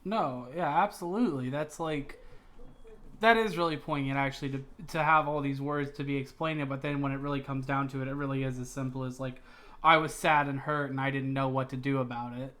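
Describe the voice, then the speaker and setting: A man's voice: medium pitch, fairly even intonation, brisk, a bit bright. A man hosting a casual podcast who muses aloud hesitantly with lots of fillers. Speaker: podcast host.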